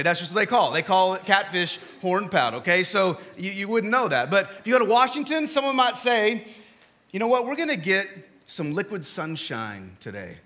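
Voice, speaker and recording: A young man from Oklahoma preaching a casual, jokey sermon with many restarts. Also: high-pitched. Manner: animated, jokey, restarts often.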